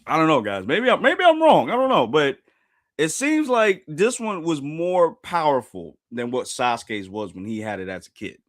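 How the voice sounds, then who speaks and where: A man talking straight to his stream viewers as he reacts to a new chapter. He chats in casual slang and keeps breaking into loud, repeated exclamations. His voice is very animated and swoops up and down constantly. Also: fairly high pitch, moderate pace. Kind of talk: live reaction commentary.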